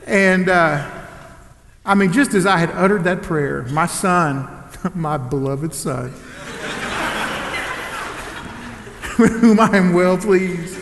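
A high-voiced man preaches with a gravelly edge to his voice. He swings between loud bursts and hushed, close passages. His voice rings through a large hall with long reverb. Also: drawn-out words, pauses often, slight background noise. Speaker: pastor. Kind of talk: sermon with personal story and prayer.

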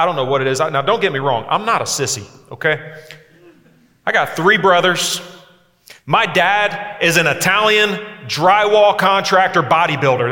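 A man in his forties delivering a sermon with passion, dropping to a hush and then pressing hard. His voice is fairly high and bright, and it rings out with a long reverb in a large hall. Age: 40s. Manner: impassioned, swings between hushed and emphatic. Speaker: preacher. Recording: echoey hall sound.

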